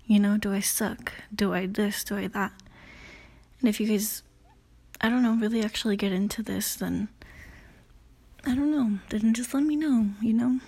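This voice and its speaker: With a warm, husky, medium-pitched voice at normal speed, a late-teen woman talks through her solo podcast. Her rambling is self-conscious and full of swearing, with "you know" and "I don't know" filling the gaps.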